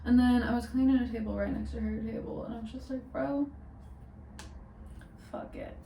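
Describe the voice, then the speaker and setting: Young woman vlogger, higher-pitched, chatty and rambly, roomy home sound, faint room noise. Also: steady tone, fast, creaky, far from the mic, lo-fi sound. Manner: chatty, rambling, full of "like" and "literally". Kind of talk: casual storytime vlog.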